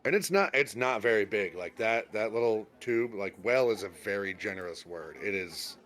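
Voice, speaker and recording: Guy running a d&d game, lowish voice, rambles a lot w/ ums and likes. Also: expressive, moderate pace, a bit bright. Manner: rambling, full of fillers and restarts. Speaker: game master. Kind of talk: narrating a tabletop game.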